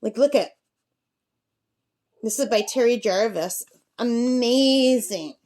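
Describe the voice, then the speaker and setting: A woman's voice: on the high side, slow, a little mellow, a little hiss or hum. A woman hosting her own craft channel, chatting enthusiastically through an art book review and talking to her pet parrot. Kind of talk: casual book review vlog. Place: at a campsite.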